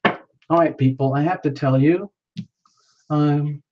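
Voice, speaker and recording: A man hosts a live tarot reading stream, speaking earnestly and rambling with lots of filler words. His voice is on the high side and slow, and the recording is slightly dull lo-fi audio with a little hiss or hum.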